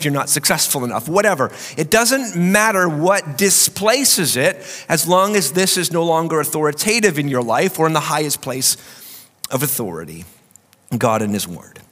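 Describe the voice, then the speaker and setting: A man's voice: fairly high pitch, a bit bright. A man preaching a sermon as pastor while he has a cold, his voice cracking at times, emphatic with joking asides. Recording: long reverb of a large hall.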